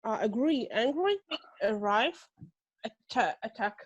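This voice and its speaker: A woman's voice: fairly high pitch, lively intonation, measured pace, breathy edge, dry recording, lo-fi sound. Hesitant woman reading vocabulary aloud. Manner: reads words one by one, hesitant. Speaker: learner in an online class.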